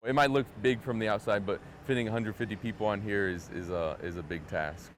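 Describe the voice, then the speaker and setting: A man with a lowish voice chatting casually in an interview, filling gaps with "like" and restarting phrases. Faint background hum from the submarine around him. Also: steady tone, brisk. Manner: casual, filler-heavy talk with frequent "like" and restarts. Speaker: Navy culinary specialist. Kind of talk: interview answers. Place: aboard a submarine.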